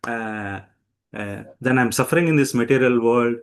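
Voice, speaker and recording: A preacher playing a self-proclaimed god who has been brought low. He pleads quickly, his voice pitched up in desperation, in a sermon anecdote. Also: smooth, natural voice. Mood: pleading. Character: boastful man claiming to be God, desperate.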